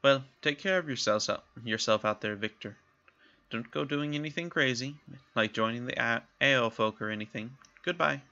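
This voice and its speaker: A man's voice: high voice, sing-song, fairly quick, husky, dry recording, dull audio, voice pushed up, exaggerated voice. A man voicing a dry-witted woman merchant who talks with a lilting cadence. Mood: fond. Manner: teasing, wry.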